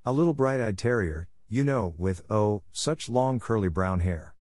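A man's voice: on the low side, animated, moderate pace, a little mellow, no echo, clean studio sound, close to an everyday voice. Alice, a man reading a chatty young girl. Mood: eager.

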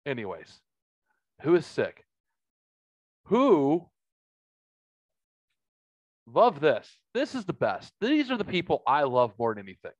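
Podcast host, male, swearing and worked up mid-story, slightly high voice, dull lo-fi recording. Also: measured pace, pauses often, dry recording. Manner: profane, animated, heated. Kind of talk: casual storytelling chat.

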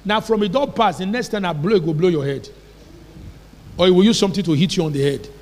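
A man's voice: high voice, fast, darkish tone. A pastor preaching a sermon in a church, emphatic and asking his congregation rhetorical questions. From Nigeria. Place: church hall. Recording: long reverb of a church hall.

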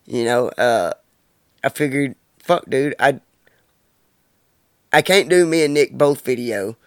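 A man's voice: mid-range voice, expressive, slow pace, a bit bright, clear, resonant tone, no echo, studio quality. A man in his twenties talking alone on his podcast, blunt and heavy on profanity, ranting about his life. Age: 20s. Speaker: podcast host. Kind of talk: casual monologue.

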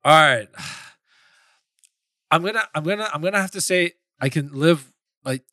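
A bright, forward-voiced young man from Queens talks as a podcast guest, pitched a little high for a man. He jokes freely, laughs a lot and slips into curses before apologizing. The sound is dry and close. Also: unhurried, dry recording. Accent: New York. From Flushing, Queens, New York. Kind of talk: casual chat.

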